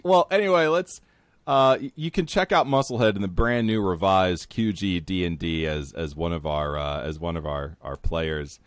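A man's voice: low voice, moderate pace, dry recording. A man hosting a podcast in casual chat, laughing often. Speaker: podcast host.

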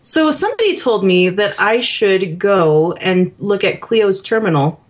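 A woman co-hosting a casual podcast chat about a video game, animated and laughing often, acting out characters. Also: medium pitch, a little slow. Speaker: podcast co-host.

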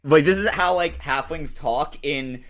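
A man's voice: on the high side, a little slow, a bit bright. A man playing a tabletop game, rambling with many fillers and laughs. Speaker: player. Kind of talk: casual tabletop play.

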